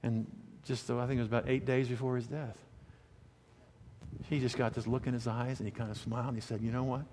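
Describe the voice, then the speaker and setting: A male pastor delivering a sermon, moving between soft, intimate storytelling and loud, fervent preaching. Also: mid-range voice, flat delivery, a little fast, long reverb tail, slight background noise.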